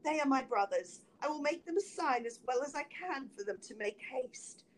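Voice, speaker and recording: A woman voicing a frightened young wife, high pleading voice. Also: animated, moderate pace, a little hiss or hum. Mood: relieved. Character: frightened young noble wife begging for her life.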